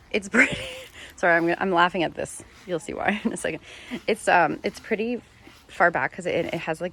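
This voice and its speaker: A chatty woman with a somewhat low voice gives a casual tour of her garden and laughs easily as she talks. She films it outdoors on a handheld phone, and faint outdoor noise sits behind her. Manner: chatty, laughs often, corrects herself. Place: outdoor home garden, rain starting. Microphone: handheld phone camera while filming.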